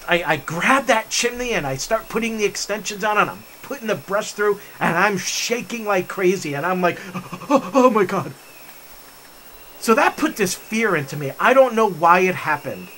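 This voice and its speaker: A man with a high, bright voice tells a story with animated enthusiasm while he hikes. The recording is outdoors, with faint background ambience behind him. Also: a little hiss or hum. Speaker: vlog host. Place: forest trail outdoors.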